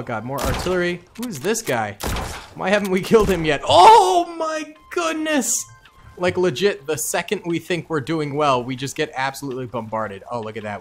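A man hosting a gaming channel, giving hyped, slangy gameplay commentary with loud excited outbursts. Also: medium pitch, a little fast, soft background music. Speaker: gaming YouTuber host.

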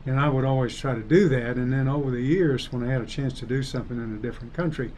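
Older man, softened Southern US accent. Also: mid-range voice, fast talker, a little hiss or hum. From Alabama, United States. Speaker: engineering professor. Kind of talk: casual interview.

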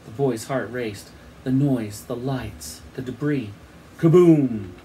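A man's voice: medium pitch, steady tone, slow pace, mellow, a little hiss or hum. A man teaching, reading a children's book aloud expressively and acting out the sound effects, then giving his class an assignment.

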